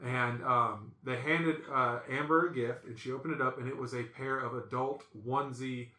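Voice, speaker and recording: A man, hosting a casual podcast and telling stories, acting out quotes with animated voices. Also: mid-range voice, normal speed, echoey room. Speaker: podcast host. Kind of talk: casual storytelling chat.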